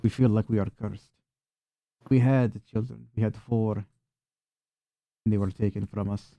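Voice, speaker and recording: A man's voice: on the low side, fairly even intonation, measured pace, creaky, no echo, lo-fi sound. A man voicing a weary old male burgomaster, solemn and heavy, a grieving town leader in a tabletop game. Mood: grave.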